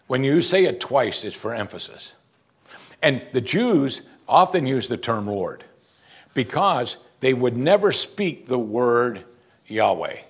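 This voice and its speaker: A man preaching a sermon, asking rhetorical questions and reading scripture aloud. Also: breathy edge. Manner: animated, rhetorical questions, rises in pitch for emphasis.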